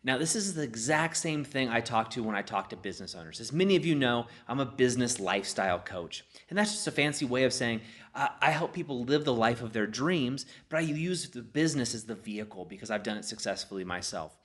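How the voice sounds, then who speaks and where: A man's voice: medium pitch, animated, a little fast, few pauses, a bit bright. Conversational man coaching business owners. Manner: conversational, frequent "you know" asides. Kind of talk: motivational storytelling talk.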